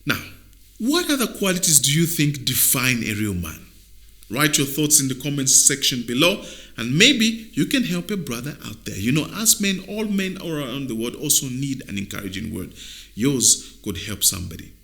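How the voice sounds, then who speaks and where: A man hosting a motivational video, speaking emphatically like a preacher, dropping to near-whispers and then rising loud. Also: mid-range voice, very animated, normal speed, creaky. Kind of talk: motivational talk.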